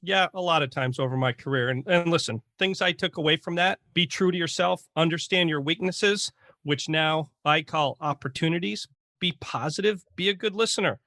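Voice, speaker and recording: A man's voice: on the high side, moderate pace, pushed and bright, no room sound, clean studio sound. A man with a Boston accent co-hosting a casual podcast, upbeat, joking and openly emotional. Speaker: podcast co-host.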